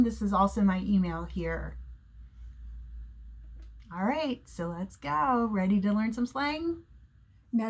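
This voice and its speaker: An American woman teaches a slang lesson at an unhurried pace. Her pitch sits in the middle range. She explains carefully and keeps asking the viewer to guess and repeat. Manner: slow, clear teacher talk with questions to the viewer. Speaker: English teacher.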